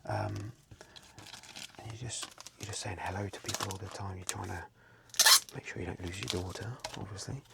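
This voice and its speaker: A man, softly whispering as he chats casually and rambles during an ASMR video. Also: low-pitched, sing-song, moderate pace, vocal fry, very noisy. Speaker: card seller and streamer. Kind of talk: soft-spoken ASMR chat. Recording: loud crinkling packaging close to the mic.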